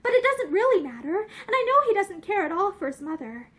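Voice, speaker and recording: A woman's voice: extremely high pitch, big pitch swings, brisk, a bit bright, heavily acted. A woman reading aloud and voicing an earnest, sensitive young woman who speaks eagerly and a little tremulously. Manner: eager, slightly tremulous speech.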